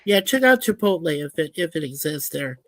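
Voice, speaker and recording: A woman hosting a casual live-stream chat, chatty and quick to laugh, telling rambling stories. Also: sits low, expressive, fairly bright tone, no echo. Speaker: host.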